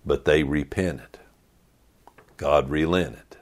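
A man's voice: steady tone, takes it slowly. A man, a pastor, preaching a sermon on a passage, reading it out and acting out quoted lines dramatically. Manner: dramatic, voices quoted complaints with rising pitch.

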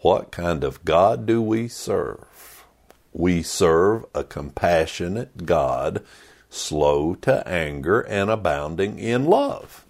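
Male preacher, low-pitched, animated, slow-paced, dramatic sermon. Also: gravelly. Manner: dramatic, voices quoted complaints with rising pitch. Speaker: pastor.

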